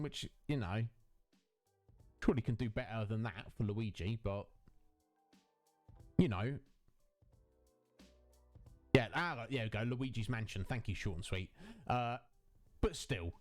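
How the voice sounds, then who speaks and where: A man hosting a casual live stream on a headset mic, answering his viewers' chat in a chatty, rambling way. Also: medium pitch. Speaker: Twitch streamer and host.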